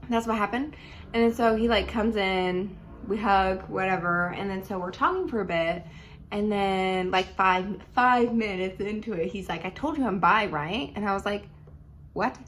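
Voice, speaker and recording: A young woman casually telling a dating story at home in a chatty, animated way, full of likes and ums. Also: medium pitch, slight background noise. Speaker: vlogger.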